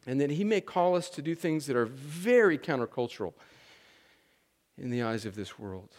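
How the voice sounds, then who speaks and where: A man's voice: medium pitch, big pitch swings, moderate pace, darkish tone. A man preaching a sermon as pastor, talking in a conversational, emphatic way that often restarts its sentences.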